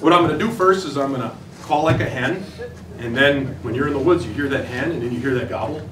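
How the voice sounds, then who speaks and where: A man with a mid-range voice talks fast as he gives hunters an outdoor turkey hunting demonstration, plain, folksy and step by step, in an Upper Midwest American accent. He's the instructor. Background noise, faint ambience and roomy, distant sound mark the recording.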